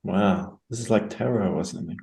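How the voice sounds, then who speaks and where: Gravelly-voiced Australian man. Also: on the low side. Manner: relaxed, chatty, halting restarts. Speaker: osteopath, guest. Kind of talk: casual interview explanation. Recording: roomy echo.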